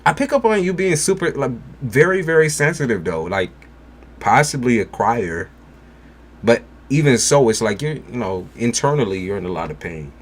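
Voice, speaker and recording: A man's voice: medium pitch, lively intonation, moderate pace. A man giving a live-streamed tarot reading, talking bluntly and casually while reassuring the viewer. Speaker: tarot reader.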